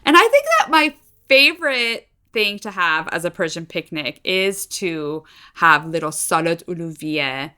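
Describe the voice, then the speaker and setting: A woman's voice: lowish voice, sing-song, a little slow, bright, forceful tone, smooth. A woman co-hosting a food podcast in easygoing casual chat, full of "like" fillers. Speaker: podcast co-host.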